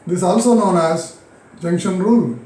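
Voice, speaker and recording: A man with an Indian English accent teaching a physics lesson, repeating key phrases slowly and answering his own questions. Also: sits high, darkish tone, reverberant, low-quality recording. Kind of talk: recorded classroom lesson.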